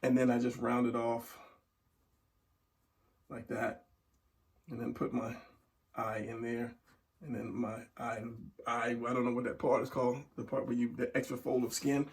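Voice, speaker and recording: A man's voice: mid-range voice, little pitch movement, normal speed, long pauses, recorded from a distance. A middle-aged man teaching a casual drawing tutorial, talking while he draws and trailing off into murmurs. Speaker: drawing instructor.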